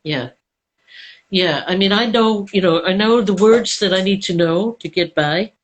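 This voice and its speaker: An actor guest chatting casually on a live stream, relaxed and a little hesitant. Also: mid-range voice, measured pace, low-quality recording.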